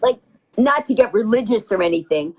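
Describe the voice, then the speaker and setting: A woman telling a comic story as an interview guest, fast and lively with punchy delivery. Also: fairly high pitch, slightly rough, muffled recording. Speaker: guest comedian.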